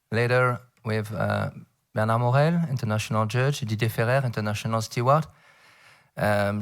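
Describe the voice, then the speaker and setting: A middle-aged Frenchman, speaking English as a second language with a French accent, addresses a round table as a federation director at a conference. His medium-pitched, fairly bright voice is halting, with many fillers and playful asides.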